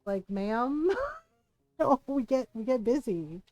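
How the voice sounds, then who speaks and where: Animated, swearing woman streamer. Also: a little high, measured pace, no room sound, low-quality recording. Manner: animated, laughs often, swears freely. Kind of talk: casual gaming stream chat.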